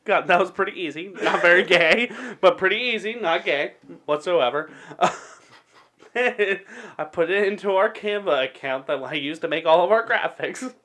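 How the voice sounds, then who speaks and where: A man's voice: high-pitched, normal speed, bright, forceful tone. A young man in his twenties co-hosting a casual podcast, swearing freely and laughing through his own crude jokes. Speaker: podcast co-host.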